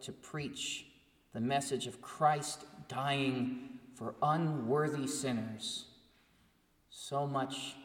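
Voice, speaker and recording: A pastor preaching a sermon with earnest emphasis, building to pointed questions. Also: male voice, medium pitch, fairly bright tone. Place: church sanctuary. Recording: echoey hall, mic set far off.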